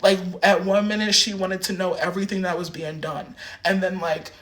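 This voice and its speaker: A man's voice: high voice, level tone, normal speed, fairly bright tone. A man rambling in a casual livestream rant, filling his talk with lots of filler words.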